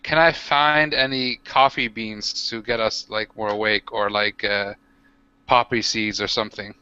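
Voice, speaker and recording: A man playing a tabletop game, chatting in an excitable, rambling way with many restarts. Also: fairly low pitch, unhurried, clear, resonant tone, muffled recording. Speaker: player. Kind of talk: casual tabletop game chat.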